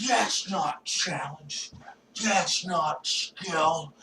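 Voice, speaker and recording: A man's voice: on the high side, extremely slow, sharp tone, exaggerated voice. A man voicing an indignant male critic in a mocking, shrieking tone, recorded in a roomy space from a distance. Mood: scoffing, indignant. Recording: roomy echo, distant from mic.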